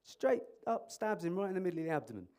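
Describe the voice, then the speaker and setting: Man, emergency clinician, lively conference speaker on a mic, voice a touch high, jokey, interactive. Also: fast. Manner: animated, jokey, quizzing the audience. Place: conference hall. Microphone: microphone.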